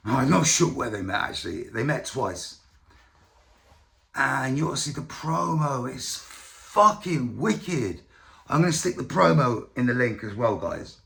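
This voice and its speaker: A man's voice: medium pitch, expressive, measured pace, vocal fry, a bit bright. A man from the UK giving casual, profane, rambling political commentary as a vlogger. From United Kingdom.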